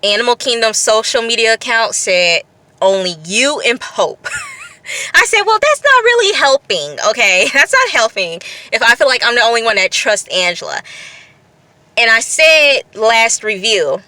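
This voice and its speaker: A woman talking through a TV episode in an unscripted casual recap, expressive and repetitive, laughing at times. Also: fairly high pitch, measured pace, no echo. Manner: expressive, repeats phrases, breaks into laughs. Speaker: TV review vlogger.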